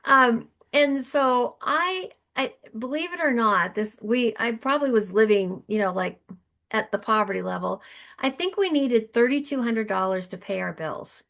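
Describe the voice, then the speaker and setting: A woman's voice: a little high, lively intonation, moderate pace, gravelly, fairly bright tone. A middle-aged woman, a podcast guest, telling her story in an earnest, emotional way with frequent restarts. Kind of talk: conversational storytelling.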